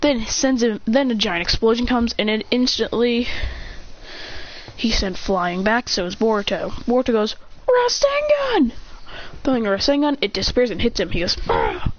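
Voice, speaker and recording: A woman's voice: fairly high pitch, a little fast, highs cut off, slight background noise. A woman casually retelling an action fan story in breathless, run-on sentences.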